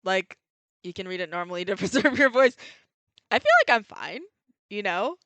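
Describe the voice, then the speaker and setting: A woman's voice: mid-range voice, moderate pace, fairly bright tone, dry recording. A young woman chatting casually and giggling while streaming a video game, dropping slang as she goes.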